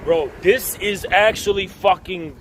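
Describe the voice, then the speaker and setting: A man streaming casually, crude and profane, talking loudly and excitably. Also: high voice, unhurried, background noise. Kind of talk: casual livestream chat. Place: outdoors on a windy street.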